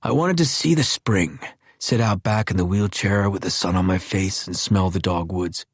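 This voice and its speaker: A man's voice: low-pitched, moderate pace, no echo, clean studio sound. A man reading as a frail, sly dying old man. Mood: wistful.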